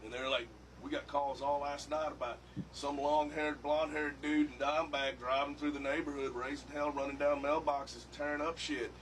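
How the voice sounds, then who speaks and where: A man's voice: on the high side, level tone, normal speed, a little hiss or hum. A man telling a rambling, profane anecdote and acting out other people's lines in a played clip. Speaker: musician telling a story. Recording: distant mic with loud background ambience.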